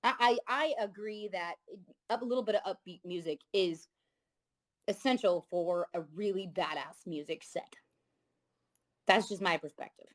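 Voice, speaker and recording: A woman in her thirties hosting a casual talk, candid and animated, telling stories and swearing freely. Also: mid-range voice, normal speed, long pauses. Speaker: podcast host. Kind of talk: casual chat.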